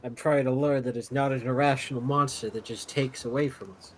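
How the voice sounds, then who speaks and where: A man's voice: mid-range voice, fairly even intonation, brisk, slight background noise, natural voice, rough recording. A man voicing a young human woman who overplays her pitiful, theatrical distress. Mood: mock-tragic.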